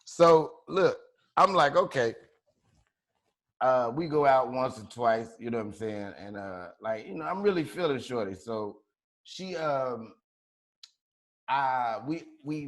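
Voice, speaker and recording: A man's voice: mid-range voice, lively intonation, unhurried. A man from Chicago telling a wild story on a podcast in a loose, profane, slangy way, laughing as he goes. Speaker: podcast co-host. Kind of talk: casual storytelling.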